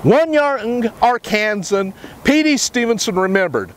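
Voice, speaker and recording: A man giving a measured on-site history talk about a battle as a park historian. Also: high-pitched, animated, slight background noise.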